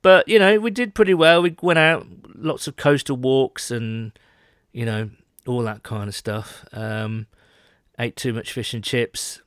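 A man's voice: medium pitch, a little slow, a bit bright, dry recording, clean studio sound. A British man co-hosting a podcast, chatting casually and self-mockingly with lots of fillers. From Britain. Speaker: podcast co-host. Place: home, London.

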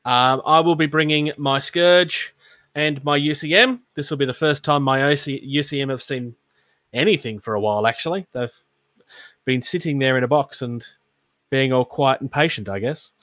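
A medium-pitched, slightly bright Australian man speaks at normal speed in a dry recording. Co-hosting a relaxed podcast about tabletop gaming, he meanders, mocks himself, and laughs frequently.

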